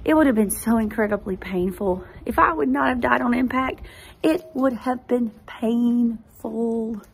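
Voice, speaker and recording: A woman's voice: a little high, unhurried, vocal fry, slightly rough. A woman, hosting a faith vlog and earnestly telling a personal testimony straight to her viewers. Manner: earnest, animated storytelling addressing viewers directly.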